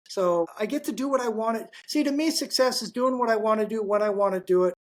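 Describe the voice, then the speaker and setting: A man's voice: high voice, fast, hardly any pauses. Older man, folksy storytelling guest. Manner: folksy and anecdotal, with many asides. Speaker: podcast guest, business owner. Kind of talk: casual interview chat.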